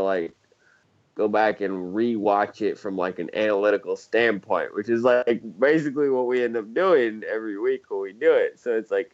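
A man's voice: lowish voice, highs cut off. A man co-hosting a podcast, chatting casually, rambling with lots of swearing and frequent laughter. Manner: rambling, profane, laughs often. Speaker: podcast co-host. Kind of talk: casual chat.

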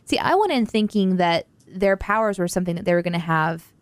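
A woman's voice: lowish voice, expressive, fairly quick. A woman co-hosting a casual movie review chat, talking in loose, eager runs full of likes.

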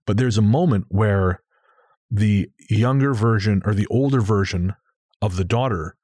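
A man, a podcast co-host, chatting casually in a halting way with many restarts and self-corrections. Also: fairly low pitch, darkish tone, no room sound, studio quality. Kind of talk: casual chat.

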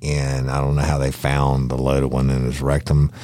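A man's voice: extremely low pitch, completely flat delivery, normal speed, dark tone. A middle-aged man, a former cop co-hosting a crime podcast in blunt, salty banter.

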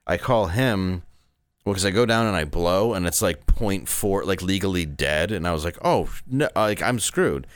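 A man's voice: low voice, moderate pace, clear, resonant tone, no echo. A man in his thirties, a stand-up comedian, telling candid, rambling stories in a casual interview.

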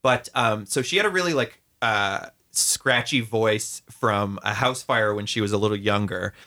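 A man's voice: lowish voice, normal speed, bright, forceful tone. A young man speaking as a guest in a heartfelt conversation, reflective and rambling, with many filler words.

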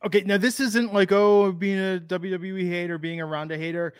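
A man's voice: high-pitched, level tone, brisk, clear, resonant tone, no room sound, studio quality. A man co-hosting a casual chat, talking in joking, sarcastic riffs. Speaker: podcast co-host.

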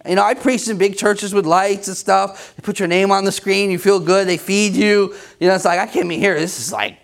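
A man's voice: high-pitched, level tone, normal speed, gravelly. A middle-aged male pastor preaching an emphatic, conversational sermon with self-deprecating humor.

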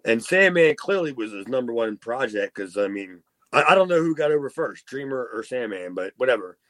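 A man's voice: mid-range voice, big pitch swings, a little fast, a bit bright, dry recording. A man hosting a casual wrestling review podcast, rambling with restarts and frequent laughs. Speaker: podcast host.

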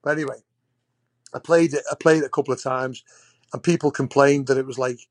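A man spins loose, rambling anecdotes as a podcast guest. He restarts his sentences often and talks at an ordinary middle pitch. His voice sits close to the mic in a dry space with no room echo. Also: steady tone, fairly quick. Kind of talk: casual storytelling.

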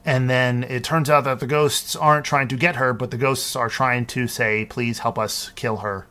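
A man's voice: mid-range voice, level tone, normal speed, sharp tone. Rambling man recapping a film. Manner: rambling, lots of ums and restarts. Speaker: podcast co-host. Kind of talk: casual film recap chat.

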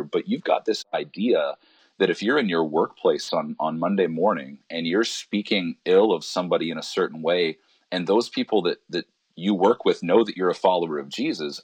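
Low husky-voiced man, pastor talking. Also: dry recording. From Canada. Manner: relaxed, thoughtful, many restarts. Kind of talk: casual podcast conversation.

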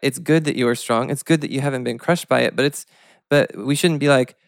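Man, podcast co-host, gravelly yet smooth voice, earnest, halting, dry close mic. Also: mid-range voice, dry recording. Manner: earnest and halting, many restarts. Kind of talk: reflective interview talk.

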